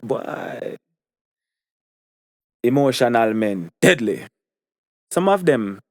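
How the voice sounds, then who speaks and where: A young Jamaican man talks straight to camera in an emphatic monologue, hammering each point by saying it twice. His voice sits at an ordinary middle pitch. The sound is dry and close, with no room around it. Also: no room sound. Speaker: commentary vlogger.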